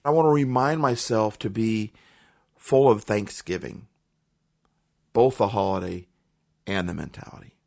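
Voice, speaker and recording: A man hosts his podcast in an earnest motivational monologue, leaning on repeated phrases for emphasis. His voice sits low with a gravelly fry. He speaks into a studio microphone. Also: a little slow, long pauses, darkish tone. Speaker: podcast host.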